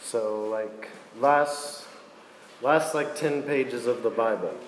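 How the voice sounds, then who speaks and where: A young man as a youth pastor, preaching casually, out of breath and worn from yelling, reading scripture and praying. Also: mid-range voice, takes it slowly. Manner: casual, chatty and excitable. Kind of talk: casual sermon with Bible reading and prayer. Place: church meeting hall. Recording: roomy hall with long reverb, faint noise.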